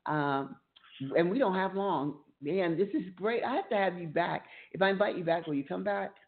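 A woman's voice: fairly low pitch, moderate pace. A woman hosting a Christian talk show, telling a personal story earnestly and emotionally. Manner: earnest, emotional storytelling, animated when reliving events. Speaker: host. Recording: tinny phone-like sound.

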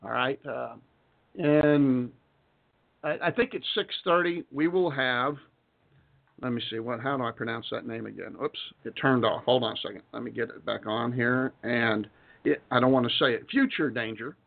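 A man's voice: mid-range voice, steady tone, brisk, gravelly. A middle-aged man from Texas hosting an internet talk radio show in a rambling, folksy way, with chuckles and asides. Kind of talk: casual talk radio monologue. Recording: phone-like internet radio audio.

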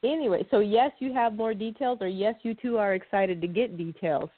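A woman's voice: mid-range voice, fairly quick, dry recording. A woman co-hosting a podcast in a chatty, rambling way, laughing often. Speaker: podcast co-host. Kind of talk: casual chat. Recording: dry, phone-like sound.

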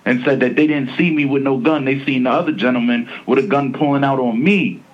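A man's voice: mid-range voice, a little fast, dull audio. A man being interviewed, talking casually and emphatically, with slang and many repeats. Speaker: interviewee, defendant. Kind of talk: casual interview over a phone line.

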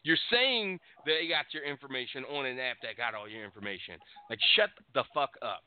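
Animated, swearing man on a tinny line. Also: medium pitch, a little fast, few pauses, clear, resonant tone, dry recording. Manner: animated, profane ranting with frequent laughs. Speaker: podcast co-host. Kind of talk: casual call-in show chat.

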